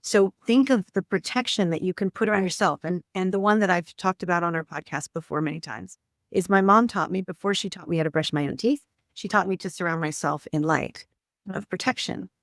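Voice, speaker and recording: Speaking briskly in a voice on the low side, a woman hosts a podcast interview and earnestly speaks to her listeners head-on at points. The audio is studio quality with no echo.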